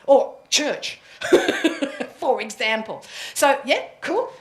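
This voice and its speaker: A woman coaching a room full of people in a live workshop, chatty and quick to laugh. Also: high voice. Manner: lively, chatty, laughs easily. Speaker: presentation coach. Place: room with an audience. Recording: echoey room.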